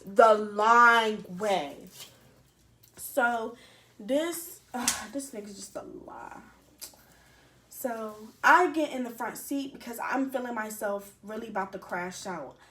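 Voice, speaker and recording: A young adult woman telling a personal story casually to her camera, animated, profane and candid, talking straight to her viewers. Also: a little high, unhurried, slight background noise. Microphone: camera set up in front of her.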